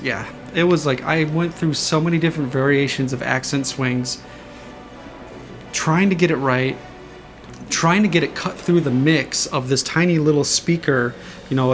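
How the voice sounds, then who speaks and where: A man casually explaining how he designed sound effects, eager and imitating whooshes and booms with his voice. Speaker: saber sound font designer.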